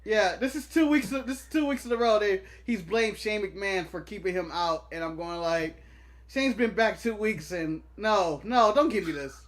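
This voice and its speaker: A man co-hosting a casual wrestling podcast chat, laughing often and slipping into quick impressions. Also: sits high. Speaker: podcast co-host.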